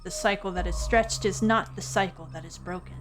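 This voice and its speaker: A woman voicing an eerie spirit of forest decay in whispered role-play, slow and ominous. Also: fairly low pitch, voice pushed down, lightly acted.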